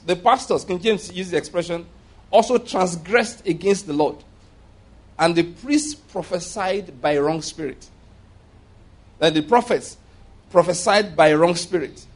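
A man with a notably high voice preaches a sermon. He reads scripture aloud and stresses key words for emphasis. Now and then he stops short and restarts a phrase. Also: lively intonation, unhurried.

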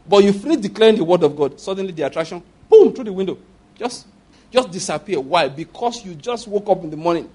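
A man preaching a sermon as a pastor, animated, repeating phrases and acting out prayers and dialogue. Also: high voice, husky. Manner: repeats phrases and asks the audience for agreement.

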